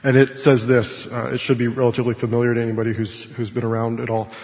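Male Bible study teacher, conversational and digressive, average pitch, roomy hall sound. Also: completely flat delivery, fast. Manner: conversational, with asides and self-corrections. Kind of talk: informal scripture teaching. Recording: echoey hall, dull lo-fi sound.

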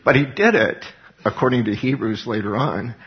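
Male preacher, conversational sermon, earnest folksy delivery, mid pitch, muffled lo-fi recording. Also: normal speed. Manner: earnest, folksy, rising to emphatic bursts, restarts and soft laughs. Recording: slightly dull lo-fi recording.

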